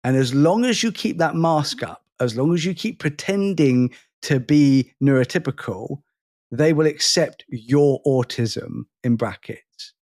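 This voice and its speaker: A man's voice: medium pitch, a little slow, darkish tone. A man co-hosting a podcast, speaking emphatically and venting his frustration at length in casual conversation. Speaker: podcast co-host.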